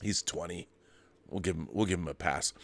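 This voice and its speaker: A man hosts a live stream, reading out viewer messages in a chatty, joking way. His voice is on the low side, and the sound is close and dry with no room echo. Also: normal speed, fairly bright tone. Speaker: host. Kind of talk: casual live-stream chat.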